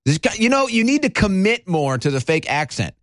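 A man hosting a talk radio show, mocking and sarcastic with dramatic pauses. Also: high voice, sing-song, no echo, clean studio sound. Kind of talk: talk radio monologue and call-in.

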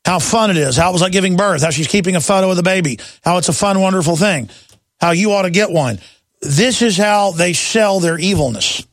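A man's voice: high voice, brisk, a bit bright, no room sound. A man hosting a call-in talk radio show, ranting intensely and combatively into a studio mic.

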